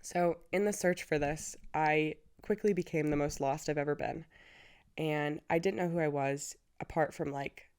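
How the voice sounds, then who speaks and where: A woman's voice: low voice, steady tone, normal speed, a little mellow, clear, resonant tone. A woman in her twenties hosting her own show, telling a personal story in a candid, chatty, emotional way, with many "like"s and "you know"s. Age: 20s. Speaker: podcast host.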